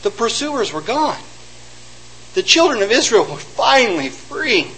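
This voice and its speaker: A man with a high, lively voice preaches a sermon, retelling old stories and slipping into the voices of the people in them. His pitch jumps around a lot as he drives each point home. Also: measured pace, slightly rough, poor audio. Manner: animated storytelling, acting out quotes.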